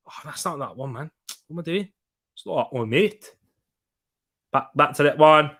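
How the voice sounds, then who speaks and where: Upbeat lad streaming football. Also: male voice, fairly high pitch, very animated, moderate pace, long pauses, sharp tone. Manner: chatty and upbeat, laughs often. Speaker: football watch-along streamer. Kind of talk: live football watch-along chat, reading viewer comments.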